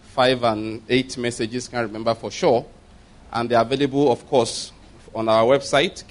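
A man preaching a sermon. He teaches, has the congregation repeat key phrases and piles up rhetorical questions. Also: mid-range voice. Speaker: pastor.

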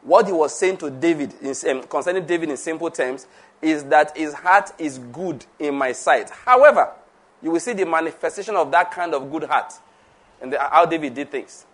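A man's voice: on the high side, moderate pace. A man preaching a conversational sermon, laughing often, repeating himself and asking the audience questions.

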